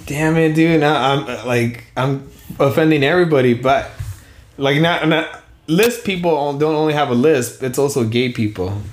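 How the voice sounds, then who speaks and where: A man's voice: on the high side, moderate pace. A young man co-hosting a casual podcast, rambling, swearing often and laughing at himself. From Southern California. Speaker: podcast co-host. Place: small warm room. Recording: roomy echo.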